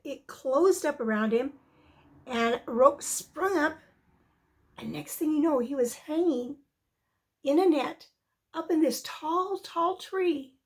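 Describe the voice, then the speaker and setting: A woman reads a children's story aloud to young listeners. Her voice sits high and she takes her time, drawing out words with expressive storytelling emphasis.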